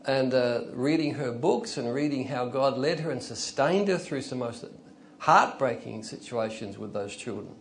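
A man's voice: medium pitch, normal speed, hardly any pauses, a little hiss or hum. An older man preaching an informal, conversational sermon, telling stories and rising into emphatic bursts. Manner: conversational, storytelling, chuckles, rises to emphatic bursts.

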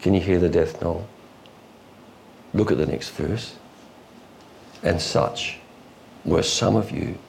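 Gravelly-voiced man preaching. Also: sits low, a little mellow, a little hiss or hum. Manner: folksy, illustrative preaching with quick asides and chuckles. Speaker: pastor. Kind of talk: sermon.

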